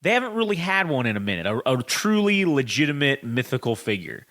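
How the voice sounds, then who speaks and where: A man co-hosting a casual podcast chat, telling stories in an animated, profane way. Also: mid-range voice, fairly quick. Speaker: podcast co-host.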